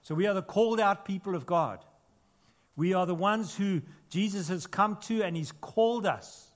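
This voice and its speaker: A man preaching to his congregation, his voice pitched a little above the usual. He speaks earnestly, lifting to strong, emphatic peaks and then sinking into quiet, close asides. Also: moderate pace. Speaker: pastor. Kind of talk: sermon. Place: church.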